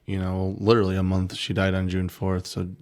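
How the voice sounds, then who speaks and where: A man with a very low voice that hardly rises or falls. He co-hosts a podcast and talks casually and loosely, leaning on fillers as he goes. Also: monotone, fairly quick, darkish tone. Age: adult, married. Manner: loose and rambling, heavy on "like" and "you know". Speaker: podcast co-host. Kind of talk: casual chat.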